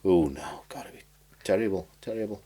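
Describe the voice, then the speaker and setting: In a low, mellow, slightly rough voice, a man talks a little fast as a podcast guest. He's a writer and comedian from Barnsley, England, and his casual interview chat rambles along in broad South Yorkshire dialect with dropped words.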